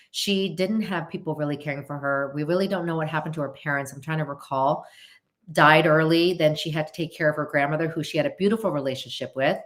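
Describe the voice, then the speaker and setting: A woman hosting a casual live stream, answering viewer questions in an animated way, thinking aloud and often asking viewers whether they agree. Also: on the low side. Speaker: host of a live show.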